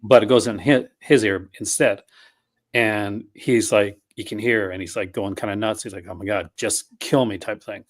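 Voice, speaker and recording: A man's voice: on the low side, steady tone, normal speed. A man in a casual podcast chat, rambling through a story with restarts and laughing at his own jokes.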